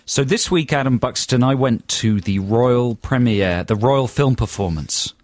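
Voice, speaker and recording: A man's voice: medium pitch, lively intonation, measured pace, no echo, clean studio sound. A man co-hosting a radio show, telling a long, rambling story in casual banter. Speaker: radio co-host. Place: radio studio. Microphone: studio microphone.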